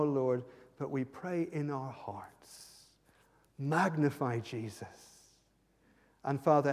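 A man preaching a sermon and leading prayer, impassioned, swinging from hushed tones to fervent outbursts. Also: medium pitch. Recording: long hall reverb.

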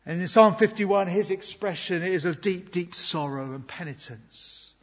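A man preaching a sermon in an earnest, reflective way, moving between loud emphasis and quiet asides. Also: mid-range voice, normal speed, husky. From Britain. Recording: long hall reverb, dull lo-fi sound.

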